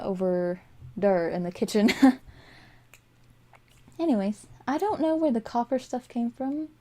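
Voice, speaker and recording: Into a desk microphone, a young woman with a mellow, mid-range voice offers casual commentary while building in a game. She's sleepy and yawning, rambling along with plenty of fillers and little laughs.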